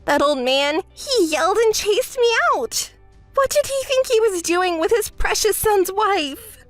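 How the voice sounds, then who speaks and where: A high, bratty young woman shrieks and wheedles in turn, her voice leaping wildly all over the place, as a woman narrator puts her on. The sound is dry and close, with soft music underneath. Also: lively intonation, measured pace, no room sound. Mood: indignant. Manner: whiny and demanding, shouting. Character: shrill, spoiled, unstable young woman. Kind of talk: texting story narration.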